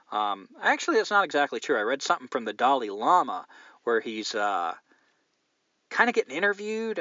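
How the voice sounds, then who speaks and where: A man's voice: medium pitch, sharp tone, no echo, lo-fi sound. A man hosting a podcast, chatting candidly in a loose, rambling way and swearing now and then. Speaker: podcast host. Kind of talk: casual chat, reading listener mail.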